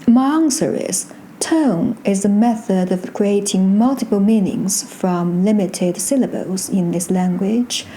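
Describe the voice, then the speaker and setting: A woman gives a scripted pronunciation lesson, speaking slowly and deliberately. Her voice is soft and mellow, with a faint hum of room noise behind it. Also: medium pitch. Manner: slow, careful delivery with drawn-out tone demonstrations. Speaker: Mandarin teacher and channel host.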